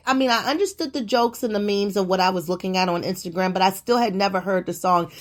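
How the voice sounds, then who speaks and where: A woman's voice: mid-range voice, quick pace, few pauses. A middle-aged woman hosting her own show, ranting about current events in a profane, incredulous way, often stammering and laughing. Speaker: show host. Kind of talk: solo commentary on current events.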